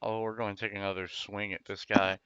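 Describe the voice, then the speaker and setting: A man playing a tabletop game, speaking quietly and hesitantly. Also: lowish voice, little pitch movement, fairly quick, clear, resonant tone. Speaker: player. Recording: dull lo-fi sound.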